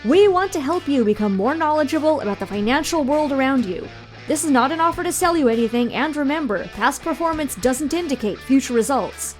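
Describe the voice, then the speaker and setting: High-voiced woman announcing a podcast intro. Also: lively intonation, fairly quick. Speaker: show announcer. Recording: guitar music behind.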